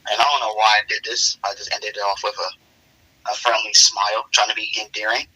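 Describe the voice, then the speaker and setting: A man's voice: fairly low pitch, little pitch movement, brisk, pushed and bright, breathy edge, rough recording. A man casually improvising a role-play story with lots of fillers. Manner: casual, rambling, many fillers.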